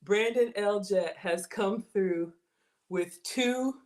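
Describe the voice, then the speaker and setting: Excitable woman, middle-aged, casual livestream cooking host, reads viewer comments aloud. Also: mid-range voice, slow pace.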